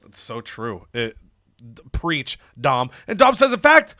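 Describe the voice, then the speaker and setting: A young adult man hosting and narrating a wrestling game playthrough as an animated storyteller. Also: fairly high pitch, measured pace, dry recording, studio quality. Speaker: gaming host.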